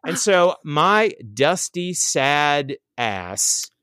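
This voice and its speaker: Animated, lively-pitched man telling a story. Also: extremely slow, smooth, dry recording, studio quality. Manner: animated storytelling, acts out quotes. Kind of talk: casual chat.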